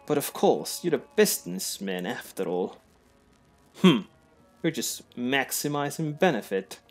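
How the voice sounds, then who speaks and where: A man's voice: mid-range voice, sing-song, a little slow, soft background music. A man voicing a flamboyant male adventurer, theatrical and flirtatious, who calls everyone darling. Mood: bitter.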